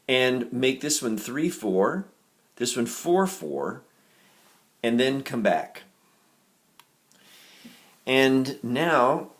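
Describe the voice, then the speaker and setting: A man teaching a music reading lesson, patient and gentle, walking students through rhythm exercises. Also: mid-range voice. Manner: patient, gentle instructor, demonstrating rhythms by singing syllables.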